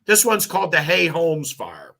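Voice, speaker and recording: Gravelly fifties fire lieutenant, kinda high voice, telling rowdy stories and cracking himself up. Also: male voice, moderate pace. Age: 50s. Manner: animated, laughing, swearing storyteller. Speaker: podcast guest, firefighter lieutenant. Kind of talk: casual storytelling.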